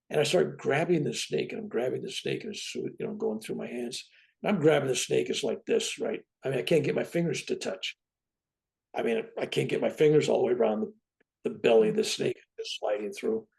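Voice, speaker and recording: A man in his seventies, a guest on a talk show, telling his own story in a lively way and often asking "right?". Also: mid-range voice, moderate pace, vocal fry. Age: 70s. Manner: lively, keeps tagging "right?" onto his points. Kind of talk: animated personal storytelling.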